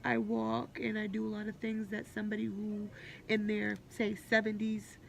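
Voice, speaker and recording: This late-twenties woman has a creaky, mid-range voice and speaks at a moderate pace. Vlogging from her hospital room, she is candid and blunt and swears freely, with faint hospital noise behind her.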